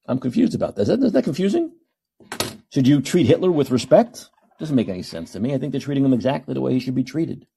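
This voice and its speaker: A middle-aged man speaks fast in a medium-pitched, sing-song voice that is mellow and husky with vocal fry. As host of a solo call-in podcast, he delivers commentary in a combative, sarcastic rant.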